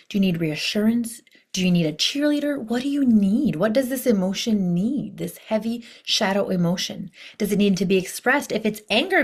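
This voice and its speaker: A woman teaching a recorded online course as a life coach, speaking conversationally with rhetorical questions and acting out inner voices. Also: medium pitch. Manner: animated, acts out inner voices in quotes.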